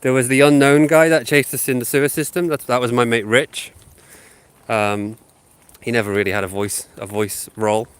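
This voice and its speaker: A stuffed-up channel host with a sinus infection takes his dog for a walk outdoors through a housing estate, chatting live and loosely to viewers into his phone with lots of ums. He has a mid-range voice, fairly even intonation, a moderate pace and a clean tone.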